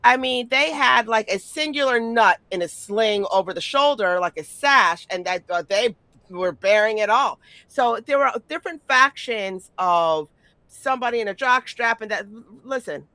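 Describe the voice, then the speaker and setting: A woman in her forties hosts a podcast and tells stories in a loose, chatty way. Her voice is bright and sharp, and it is recorded dry and close. She swears freely and trips over repeated words as she goes. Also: a little high, normal speed, no echo. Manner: animated, profane, stumbling repetitions. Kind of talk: casual storytelling chat.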